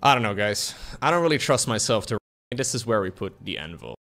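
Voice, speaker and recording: A man's voice: fairly low pitch, very animated, brisk, fairly bright tone, a little hiss or hum. A man streaming live, reacting with casual, joking commentary and wry, sometimes profane asides. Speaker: Twitch streamer.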